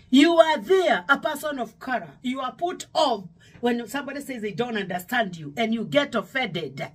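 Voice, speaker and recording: A Kenyan-accented pastor, a middle-aged woman from Kenya, delivers an emphatic devotional sermon in a fairly high, slightly rough voice. She repeats phrases again and again, punctuated by sudden louder exclamations.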